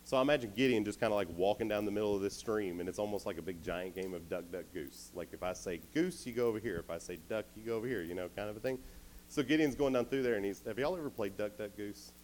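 A man's voice: on the low side, fast, darkish tone, slight background noise. A young man giving a youth sermon, telling a story playfully and speaking directly to the crowd.

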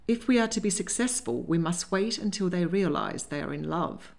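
A woman voicing a brisk, scheming elderly grandmother who speaks bluntly and decisively. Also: lowish voice, expressive, creaky. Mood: conspiring.

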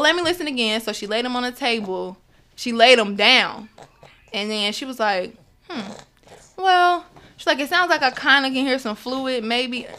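A young woman telling a personal story, acting out what everyone said in quotes. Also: on the high side. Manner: animated, acts out others' words in quotes. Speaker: guest.

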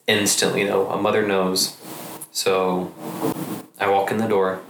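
A man in his twenties telling a personal story in a halting, emotional way, full of restarts and fillers. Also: low-pitched, fairly bright tone. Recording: roomy echo, faint background hum.

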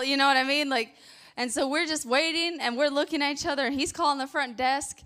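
A young woman preaching a sermon, animated, acting out frantic prayers and stories. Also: sits high, brisk.

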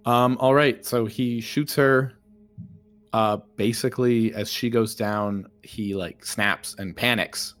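A man's voice: medium pitch, fairly even intonation, takes it slowly, fairly bright tone. A man playing a tabletop game, talking casually and thinking aloud with hesitant fillers. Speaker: player.

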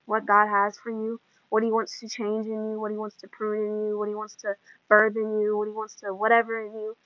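A woman's voice: mid-range voice, completely flat delivery, fairly quick, dry recording. A woman hosting a podcast, giving an earnest, emotional devotional talk in a preaching manner. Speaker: podcast host. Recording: dull lo-fi dry sound.

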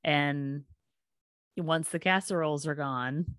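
A woman hosting a casual conversation, speaking in a thoughtful, halting way. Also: low-pitched, fairly bright tone, smooth, no room sound, clean studio sound.

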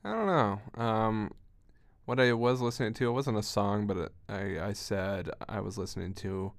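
A young man as a podcast guest in casual chat, low-key, giving brief replies. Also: normal speed, vocal fry, no echo, clean studio sound.

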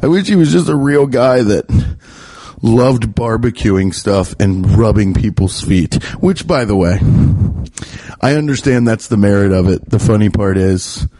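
A man hosting a comedy podcast in a rambling, profane, jokey way, his pitch jumping up when he gets worked up, recorded while pacing in his bedroom. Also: unhurried, warm tone, no room sound. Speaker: podcast host. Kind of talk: casual comedic monologue. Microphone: podcast mic while pacing.

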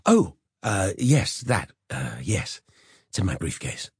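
A man's voice: low voice, big pitch swings, slow pace, darkish tone, husky, no echo, studio quality, heavily acted. A man voicing an overweight, besotted middle-aged man who stammers and fawns. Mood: fawning. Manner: flustered, stammering, fawning.

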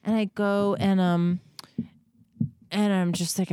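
A woman in her thirties tells a story in loose, rambling chat, putting herself down and swearing as she goes. Her voice is smooth and clear. It sounds close and dry, with no room around it. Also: medium pitch, flat delivery, drawn-out words, darkish tone, no room sound. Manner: rambling, self-deprecating, swears freely, acts out quotes. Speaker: podcast guest or co-host telling a story.

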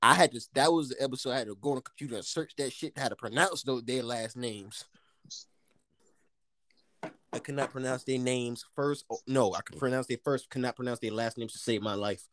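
A man's voice: mid-range voice, fast, hardly any pauses, fairly bright tone. A man co-hosting a casual comedy podcast, joking and swearing as he stumbles through reading news stories aloud.

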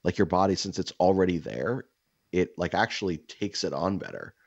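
Man, co-host type: very low, gravelly and husky voice, rambling profane storyteller, dry slightly dull mic. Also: moderate pace, dry recording. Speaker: podcast co-host. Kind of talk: casual chat, storytelling.

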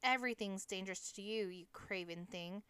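A woman voicing a calm, cynical male tin man who speaks in a low, even way. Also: normal speed, smooth, no room sound, close to an everyday voice.

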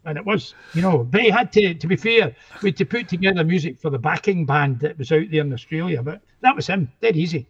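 Older Scottish male musician, guest, rambling anecdotal delivery, high pitch for a man, muffled audio. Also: lively intonation, fairly quick, husky. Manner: rambling, self-interrupting storyteller. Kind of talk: anecdotal interview chat.

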